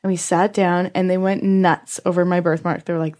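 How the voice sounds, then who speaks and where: A woman co-hosting a relaxed podcast chat, her voice at an ordinary middle pitch. She talks candidly, swears freely and laughs through her stories. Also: a little fast, hardly any pauses. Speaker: podcast co-host. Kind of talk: casual chat.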